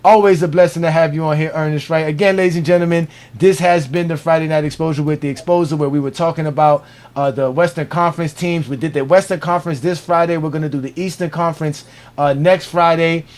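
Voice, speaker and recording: A man's voice: fairly high pitch, fairly even intonation, fast talker, darkish tone. A middle-aged man from Miami hosting a live online show, talking loosely, joking and giving preachy advice. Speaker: host. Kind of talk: casual live show chat.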